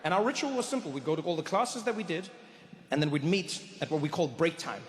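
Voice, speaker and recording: A male stand-up comedian telling a story on a live stage, animated and acting out voices. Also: a little high, fast. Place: large live theatre. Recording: echoey hall with faint crowd noise.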